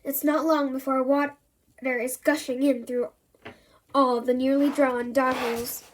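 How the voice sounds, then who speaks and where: A woman reading a children's chapter book aloud in an even storytelling manner. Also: high voice, a little slow, a little hiss or hum. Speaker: reader.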